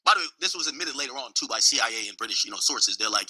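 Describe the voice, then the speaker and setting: A man's voice: medium pitch, very fast, slightly rough, rough recording. A young man hosting a casual, profane talk about history and politics, acting out other people's voices as he goes. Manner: animated, profane, acts out voices of others mid-story. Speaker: host.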